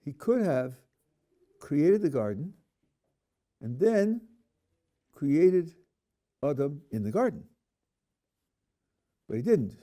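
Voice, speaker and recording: A man's voice: a little high, sing-song, takes it slowly, pauses often, dark tone. A man, a rabbi, teaching a text class, reading verses aloud and then questioning them with dry humor. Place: yeshiva classroom.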